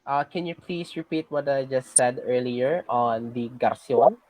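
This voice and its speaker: A teacher with a Filipino accent giving a class lesson, patiently checking in with students and pausing on fillers. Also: mid-range voice, a little mellow, no echo, rough recording. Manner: patient, checks in with "okay?" often; hesitant, many fillers and restarts.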